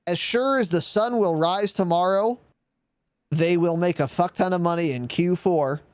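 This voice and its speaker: A man's voice: sits high, moderate pace, smooth, no echo. A man co-hosting a gaming podcast in casual chat, sarcastic and swearing freely as he mocks corporate statements. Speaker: podcast co-host.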